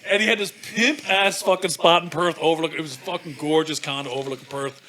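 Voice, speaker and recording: A man spinning crude, animated stories in casual chat. His voice is bright and forceful and sits a bit high for a man. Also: quick pace. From Newfoundland, Canada. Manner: profane, animated, acts out voices. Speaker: stand-up comedian guest.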